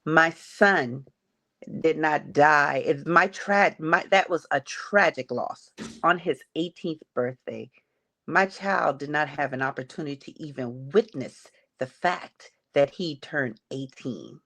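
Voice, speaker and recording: Slow, gravelly-voiced grieving mother. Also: deep voice, fairly bright tone. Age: middle-aged. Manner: slow, halting, emotional retelling. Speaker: guest sharing her story. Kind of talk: personal testimony on a grief podcast.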